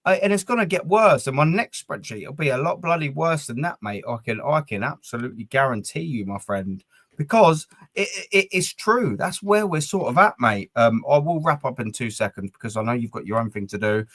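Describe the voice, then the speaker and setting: A man hosts a loose livestream chat, rambling from point to point with plenty of swearing. His voice sits at an ordinary middle pitch. The sound is close and dead, with no room around it. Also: brisk, no echo. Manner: rambling, animated, swears freely. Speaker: podcast host. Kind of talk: casual fan chat on a livestream.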